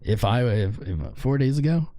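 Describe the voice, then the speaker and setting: A man with a hoarse, worn-out voice hosting a livestream, loosely and playfully calling out viewers by name. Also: medium pitch, lively intonation, moderate pace, mellow. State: hoarse, voice mostly gone. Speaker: crypto trading livestream host. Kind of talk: casual livestream chat.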